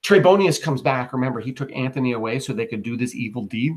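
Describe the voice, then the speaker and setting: A man's voice: medium pitch, animated, fast talker. A man teaching a play, explaining the scenes in a chatty way and speaking directly to his students. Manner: chatty, addresses the class directly. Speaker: English teacher. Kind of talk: classroom play reading and explanation.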